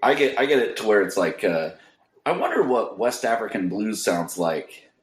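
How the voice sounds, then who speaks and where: Male musician guest from Kansas, lowish voice, enthusiastic, roomy video-call sound. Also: very animated, normal speed. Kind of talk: casual interview chat.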